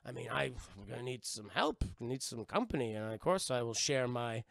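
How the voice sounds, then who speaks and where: A boozy, swaggering pirate captain, put on by a man retelling a film, rambling and slurring with theatrical flair. The voice is gravelly and strained, and the sound is dry and close. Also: medium pitch, animated, a little fast, fairly bright tone, no room sound, pitched below the performer's own voice. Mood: flirty, toasting.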